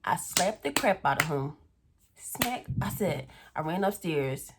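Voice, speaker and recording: Young woman vlogger, lower voice, chatty and profane, spilling a story to her viewers. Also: expressive, a little slow, background noise. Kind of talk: casual storytime vlog.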